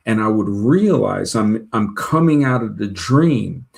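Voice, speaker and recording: A man's voice: on the low side, lively intonation, a little slow, vocal fry. A man telling long personal stories in a casual chat, rambling with many restarts and retold dialogue. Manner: rambling, full of restarts and "she goes" retellings.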